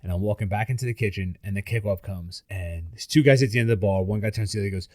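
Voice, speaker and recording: A man co-hosting a casual football podcast, telling stories with profanity and animated retellings. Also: on the low side, racing, few pauses, no room sound. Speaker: podcast co-host. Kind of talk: casual sports chat.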